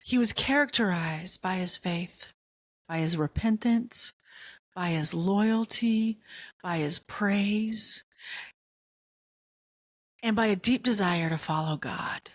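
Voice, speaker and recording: A middle-aged woman hosting a podcast, telling a personal story in a casual, animated way and jumping up in pitch for excited quotes. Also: slow, long pauses, no echo, studio quality. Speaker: podcast host.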